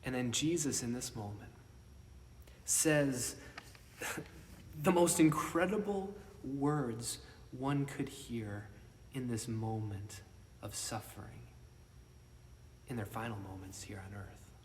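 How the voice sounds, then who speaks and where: A man's voice: mid-range voice, slow, long pauses, slight background noise. Guy preaching in a church, kinda conversational, drops to a whisper sometimes, big echoey room, sounds far from the mic. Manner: conversational, with frequent restarts and hushed, whispered emphasis. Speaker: pastor. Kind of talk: sermon. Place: church worship space. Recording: roomy long reverb, mic at a distance, faint ambience.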